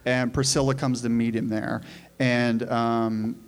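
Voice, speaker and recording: Filmmaker guy, calm mid voice, talks through how they shot it. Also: medium pitch, unhurried, clean tone. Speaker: filmmaker guest. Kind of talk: casual chat.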